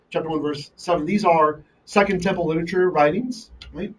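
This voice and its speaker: A man's voice: sits high, brisk, distant mic, slight background noise, rough recording. A man teaching a live online Bible lesson, reading Hebrew verses and translating them line by line, often checking in with "right?". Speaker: Torah teacher.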